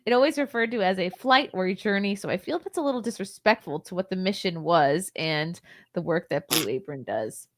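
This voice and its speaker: A woman's voice: on the low side, lively intonation, a little fast. A young adult woman hosting a casual podcast, reading news items aloud with wry asides and laughs. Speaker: podcast host.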